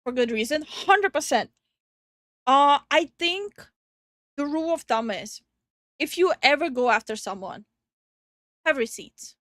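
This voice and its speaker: Giggly high-voiced woman streamer, dry sound. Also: no room sound. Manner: giggly, animated, quick to laugh. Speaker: VTuber co-host. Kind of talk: casual reaction commentary.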